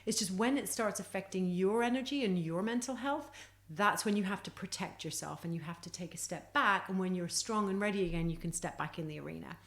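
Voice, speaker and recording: A woman's voice: mid-range voice, brisk, hardly any pauses. A middle-aged woman speaking as a guest author in a podcast conversation, earnest and emphatic, giving motivational advice.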